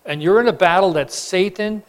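A man preaching a sermon, telling the story with animated emphasis and acting out the characters. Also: high voice, normal speed. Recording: long hall reverb.

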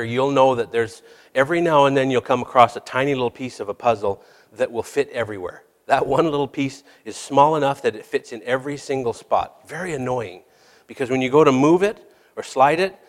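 A man's voice: medium pitch, a little fast. A middle-aged man delivers a sermon in a candid, storytelling manner and makes fun of himself now and then. His voice sits in a middle register. A long hall reverb hangs behind every phrase. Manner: candid, storytelling, self-deprecating with small laughs. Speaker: hospice chaplain and preacher.

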